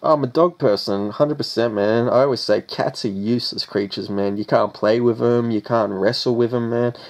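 A man's voice: mid-range voice, steady tone, normal speed. A young Australian man, a rapper, answering interview questions in a casual, laid-back way and saying "man" after most phrases.

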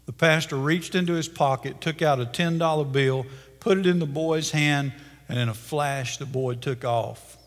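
Pastor telling a story in an echoing church. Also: male voice, on the high side, moderate pace. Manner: dramatic storytelling, falling to a hushed prayer. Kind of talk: sermon storytelling. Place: church sanctuary. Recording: long church-hall reverb.

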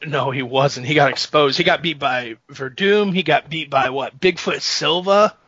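Male podcast co-host, tense bright voice, dry close mic, animated. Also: on the high side, normal speed, breathy edge, dry recording. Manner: animated, laughing often, jokey. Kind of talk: casual sports chat. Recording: dull lo-fi dry sound.

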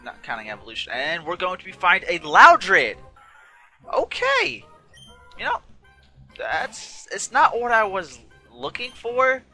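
A man with a very bright, forward voice talks over a video game, chatty and rambling, often restarting his sentences. He sounds a little tired, with game music faint behind him. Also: sits high, very animated, measured pace. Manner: rambling, self-correcting, chatty. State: yawning, a bit tired. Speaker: let's play host. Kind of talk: casual gameplay commentary.

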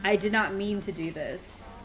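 A woman's voice: mid-range voice, unhurried. A woman streaming a video game, commenting playfully, giggling and reading signs aloud. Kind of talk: live gameplay commentary. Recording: game music playing behind the voice.

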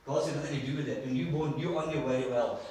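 Recorded at a distance in an echoey church hall, with a little hiss or hum, a man with a mid-range, darkish voice preaches fast. His sermon mixes storytelling with questions put to the congregation.

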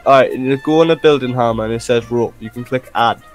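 A man's voice: mid-range voice, brisk, soft background music. A young man, joking around and giving game instructions to his father during casual play. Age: young adult. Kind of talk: casual gaming chat.

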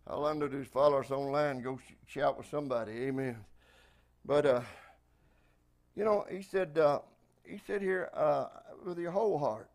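A pastor with a Southern US accent from Texas, preaching a folksy, emphatic sermon with frequent praise-God interjections. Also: male voice, medium pitch, moderate pace, pauses often.

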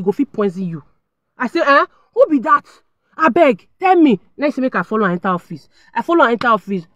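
A woman's voice: high-pitched, dry recording, dull audio. A young adult woman with a Nigerian accent, telling a personal story to her viewers in a dramatic, emphatic way and speaking to them directly. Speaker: vlogger.

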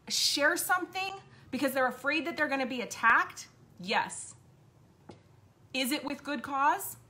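Woman ranting straight to camera, high bright voice, swears a ton, hammers her points home. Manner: blunt, heavy swearing, emphatic repetition. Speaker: podcast host. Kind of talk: impassioned unscripted monologue.

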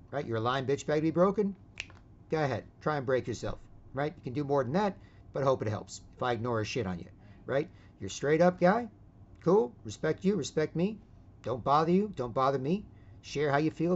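Rambling man with a lively voice. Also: mid-range voice. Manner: loose and repetitive, tags lines with "right?". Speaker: host of an online voice chat. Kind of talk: rambling casual rant. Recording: dull lo-fi audio.

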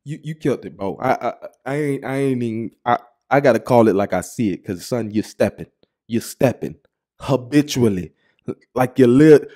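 A young man hosts his show in casual, hyped commentary, piling on exclamations and slang. His voice is mellow and dark. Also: mid-range voice. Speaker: show host.

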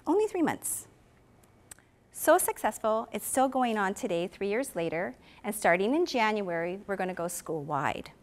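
A woman giving a conference talk who tells a story, asks the audience questions and acts out the people she quotes. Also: a little high. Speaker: conference presenter for an animal welfare education program.

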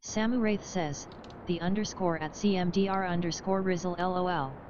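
A synthetic woman's voice reading chat messages aloud in an even, mechanical way. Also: on the low side, normal speed, highs cut off, slight background noise. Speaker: text-to-speech chat reader.

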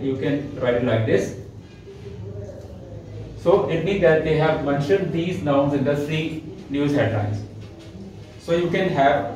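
A man's voice: fairly high pitch, background noise. A man with a Pakistani English accent teaching a classroom lecture, explaining step by step with frequent fillers and repeated key words. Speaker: IELTS instructor. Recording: echoey room, mic far from speaker.

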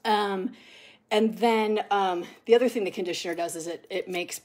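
A middle-aged woman chatting casually while grooming her dog, rambling with many ums and restarts and cooing soft asides to the dog. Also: mid-range voice, normal speed.

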